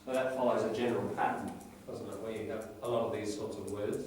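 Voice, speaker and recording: This vocabulary lesson comes from a man whose lowish, slightly mellow voice stays fairly even as he talks quickly, explaining English words one at a time with tag questions along the way. The classroom recording is very echoey and distant, with a little hiss or hum.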